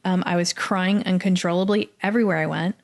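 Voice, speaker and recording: A middle-aged woman from Dallas, Texas, telling her story as a podcast guest, animated and acting out the people she quotes. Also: on the low side, brisk, creaky. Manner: animated, acts out quoted voices. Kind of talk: casual storytelling interview.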